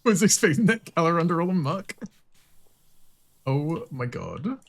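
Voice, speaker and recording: A man's voice: a little high, big pitch swings, measured pace, vocal fry. A man streaming a video game, chatting casually, swearing often, laughing and greeting viewers in chat. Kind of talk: casual commentary while playing.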